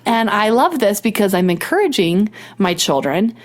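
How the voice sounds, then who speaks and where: A woman's voice: mid-range voice, sing-song, moderate pace. A middle-aged woman hosting a podcast, telling a personal story in casual chat with quoted dialogue and self-mocking asides, getting over a cold. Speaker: podcast host.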